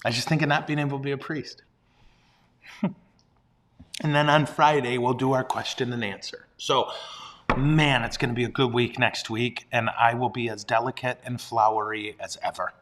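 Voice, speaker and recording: A man's voice: medium pitch, steady tone, normal speed, fairly bright tone, slight background noise. A man who is a priest, chatting casually on a livestream. He jokes at his own expense and chuckles often. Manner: playful, self-deprecating, chuckles often.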